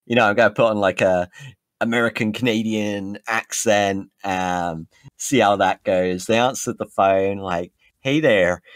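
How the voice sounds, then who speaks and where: A man's voice: lowish voice, steady tone, moderate pace, dry recording. A young English man with an English accent, co-hosting a casual podcast chat, laughing often and telling stories with animation. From England. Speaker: podcast co-host.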